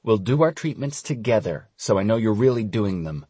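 A man's voice: fairly low pitch, animated, mellow, slightly rough, no echo, pitched above the performer's own voice. A man voicing a bossy, anxious teenage girl who scolds and gives orders. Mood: bossy scolding. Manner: brisk, scolding, controlling. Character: bossy, anxious young woman, a teen patient. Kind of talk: audiobook character reading.

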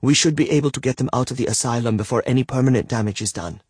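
A man voicing a calm, curt young woman in an audiobook, speaking matter-of-factly. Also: medium pitch, very fast, husky, no echo, clean studio sound, pitched above the performer's own voice, lightly acted. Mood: dry, blunt. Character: cool-headed young woman, dry and blunt. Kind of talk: audiobook character voice.

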